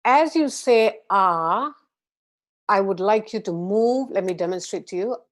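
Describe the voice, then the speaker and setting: A woman from Malaysia guiding a group through a gentle voice and breathing exercise, patient and encouraging. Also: mid-range voice, moderate pace. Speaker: voice and meditation instructor. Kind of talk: guided voice exercise class.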